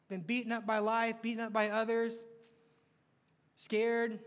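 Male preacher, lively sermon delivery, high register, reverberant hall. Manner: animated, asks the audience questions.

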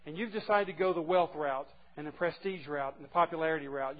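A man preaching a sermon to a group of men, earnest and moving between hushed and emphatic delivery. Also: on the high side, brisk. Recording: muffled lo-fi recording.

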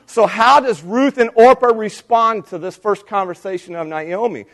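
High-pitched man preaching with animation. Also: moderate pace. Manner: animated preaching with rhetorical questions. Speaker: pastor. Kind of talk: sermon.

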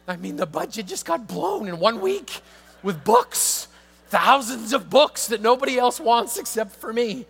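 A man preaching a sermon as pastor, telling a story in an animated way that swings from hushed to excited. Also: extremely high pitch, moderate pace, gravelly, slightly rough.

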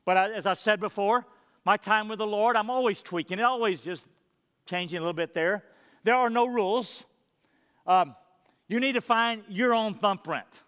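High-pitched pastor guy preaching, earnest, lots of repeats, big hall echo. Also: moderate pace, fairly bright tone, clear, resonant tone. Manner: earnest, emphatic, repeats phrases. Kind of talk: sermon.

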